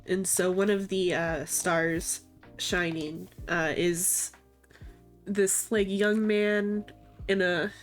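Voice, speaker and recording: A woman streams live with a congested, stuffy voice, sniffling and muting her desk microphone to do so. Her voice sits on the low side with fairly even intonation and a slow pace, as she rambles casually on filler words over faint music.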